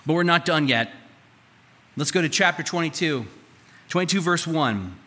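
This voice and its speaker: This pastor's voice is fairly high, pushed and bright, with lively intonation at a normal pace. He preaches casually in a church sanctuary, asking his congregation questions, and the audio has live hall reverb and a little room noise.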